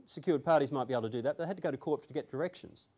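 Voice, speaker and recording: A man's voice: a little high, rapid-fire, darkish tone. Conversational man giving a legal seminar. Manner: conversational, emphatic asides. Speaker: legal presenter. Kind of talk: seminar presentation with anecdote. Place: seminar room with an audience.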